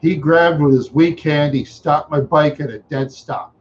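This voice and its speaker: A man's voice: on the high side, fairly even intonation, measured pace, a little hiss or hum. Rambling middle-aged man from Minneapolis. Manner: rambling, chuckling, with sound effects. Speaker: live streamer. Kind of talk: rambling storytelling. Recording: dull lo-fi recording.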